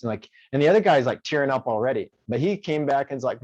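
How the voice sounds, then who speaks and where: A man's voice: medium pitch, quick pace, hardly any pauses, a little mellow, dry recording, dull audio. A man working as a conflict mediator, talking in an interview and telling stories animatedly, acting out the voices of the people he quotes. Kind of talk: conversational interview.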